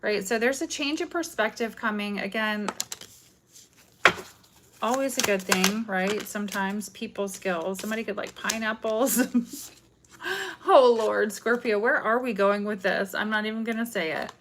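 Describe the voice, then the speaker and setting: A woman's voice: mid-range voice, a little slow. A woman giving a chatty, rambling live tarot reading, often breaking into giggles, recorded at home. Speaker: tarot reader. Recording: noisy home stream with card shuffling.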